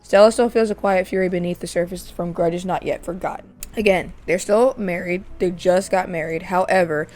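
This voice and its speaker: A woman's voice: fairly low pitch, fairly even intonation, moderate pace, a little mellow, soft background music. A woman hosting a gaming video, chatting casually and spinning a story while she plays a life-sim game. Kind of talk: let's play commentary.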